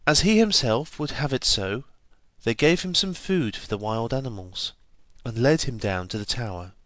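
A man narrates an old fairy tale in a measured, old-fashioned storybook manner. His voice sits at an ordinary middle pitch. The recording is dry and close, with no room sound. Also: lively intonation, a bit bright, no echo. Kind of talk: storybook reading.

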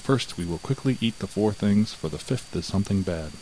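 A man's voice: lowish voice, lively intonation, brisk, dark tone, slight background noise, close to an everyday voice, low-quality recording. Man voicing a sly little peasant.

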